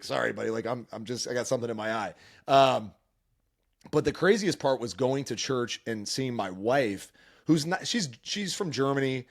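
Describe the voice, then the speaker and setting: A man's voice: mid-range voice, moderate pace. A man hosting a podcast, telling personal stories in casual chat, earnest and emotional with lots of restarts. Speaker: podcast host.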